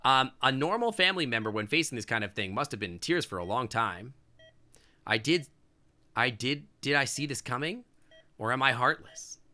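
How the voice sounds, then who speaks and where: A male streamer with a very bright, piercing tone reads a visual novel aloud. He breaks off constantly for crude, outspoken wisecracks. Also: medium pitch, lively intonation, moderate pace. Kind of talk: reading a visual novel aloud with live reactions.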